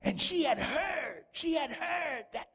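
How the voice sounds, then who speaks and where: A man preaching a sermon to a church congregation, fervent and repetitive, often breaking into shouts. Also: very high-pitched, expressive, takes it slowly, gravelly. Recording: long hall reverb.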